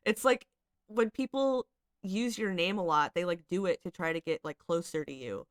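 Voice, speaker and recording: A young woman with a somewhat low voice gives casual commentary while she reads screenshots aloud. She talks in a chatty, exasperated way, full of filler words. The recording is dry and close, with no room sound. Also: measured pace, long pauses, a bit bright, no echo. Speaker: commentary channel host.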